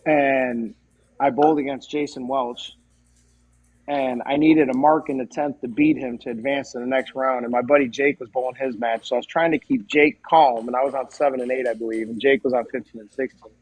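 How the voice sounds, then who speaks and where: A man as a podcast guest, telling stories in a casual, animated way and acting out the dialogue. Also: medium pitch, fairly quick, breathy edge, poor audio. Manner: animated, acts out quoted dialogue. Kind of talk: casual storytelling.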